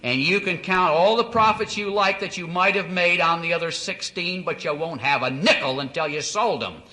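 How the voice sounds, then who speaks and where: A company founder giving a motivational business speech to distributors, telling folksy stories and acting out the dialogue. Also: male voice, fairly high pitch, normal speed, bright, forceful tone. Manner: folksy storyteller, acts out quoted dialogue.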